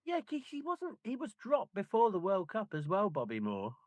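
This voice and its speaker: A man's voice: high voice, wildly swooping pitch, normal speed, no room sound. A man co-hosting a book club podcast, chatting casually with wry, joking banter.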